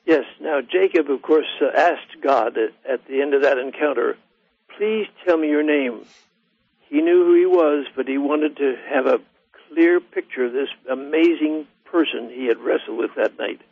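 A man's voice: mid-range voice, moderate pace, creaky, husky, dry recording. A male radio guest teaching from the Bible in an earnest, preaching way, calling listeners friends. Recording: dry, dull lo-fi line.

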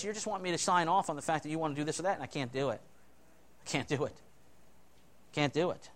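Man preaching with animated dramatic swings. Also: a little high, fast, pauses often. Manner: animated preaching, dramatic swings between loud emphasis and quiet asides. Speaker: pastor. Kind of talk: sermon.

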